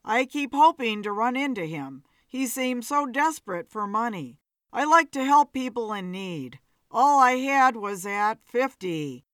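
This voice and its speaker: A woman's voice: a little high, expressive, measured pace, fairly bright tone, no echo. A woman voicing a polite, whiny, strange man in an audiobook story. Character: odd whiny man in bow tie.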